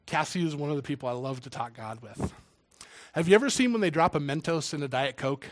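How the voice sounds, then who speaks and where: A man's voice: a little high, animated, a little fast, dry recording. Emotional man preaching, dry close sound. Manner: emotional, swings from loud reading to hushed intimate words. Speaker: preacher and church drummer. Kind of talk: sermon.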